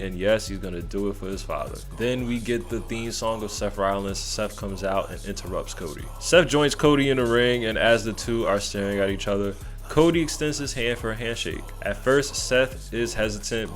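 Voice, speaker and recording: Low-voiced man recapping wrestling. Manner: animated, playfully mimics wrestlers in quotes. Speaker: wrestling show reviewer. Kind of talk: casual recap commentary.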